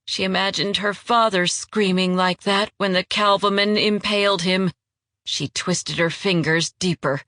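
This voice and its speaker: A medium-pitched woman reads scripted audiobook narration with an even, measured storytelling manner. The dry recording is studio quality.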